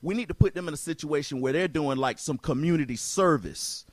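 A man hosting a talk show makes his case insistently, repeating himself and cutting in on the other voice. His voice sits a little high. The sound is dry, with no room echo. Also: brisk. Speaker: podcast host. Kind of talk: heated debate.

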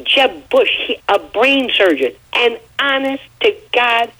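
A man on a radio talk show giving his opinions in an emphatic, rambling, animated way. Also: very high-pitched, slow, poor audio. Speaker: radio commentator.

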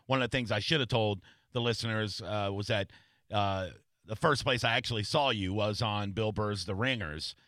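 Bright-voiced rambling radio host, a man. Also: on the low side, moderate pace, no echo, clean studio sound. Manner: rambling storyteller, many restarts and fillers. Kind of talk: casual radio interview chat.

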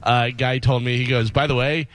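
A man co-hosting a radio show, joking and telling quick stories in casual banter. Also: medium pitch. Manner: joking, animated storytelling.

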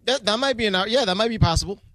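A man on a casual talk show who talks fast and slightly high and fires off teasing asides. His voice is dry and close, with no room sound around it. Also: animated, sharp tone, no echo. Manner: quick, teasing interjections. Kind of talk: casual chat.

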